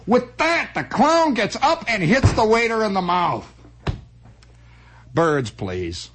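A man's voice: fairly high pitch, wildly swooping pitch, unhurried, slight background noise. A man telling a rambling, wry, self-mocking comic story as a monologue.

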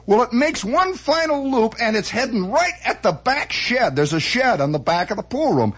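Male comic monologist, high voice with a husky edge, animated delivery full of sound effects. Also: normal speed. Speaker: storyteller.

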